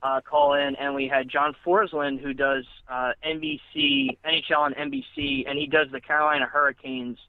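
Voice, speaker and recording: A man's voice: fairly high pitch, lively intonation, moderate pace, gravelly, few pauses, no echo. A man calling into a podcast as a guest, rambling with restarts in casual chat. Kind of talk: casual phone interview. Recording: dull dry phone-like line.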